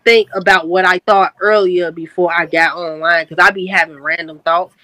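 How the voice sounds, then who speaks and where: A woman chatting casually in an online group talk, expressive and teasing. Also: lowish voice, normal speed, no room sound, poor audio.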